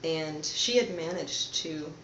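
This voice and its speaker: Woman vlogger, soft meandering conspiratorial rambling, bright tone, slightly dull echoey home recording. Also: deep voice, slow pace, slight background noise. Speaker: channel host. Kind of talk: rambling monologue to camera.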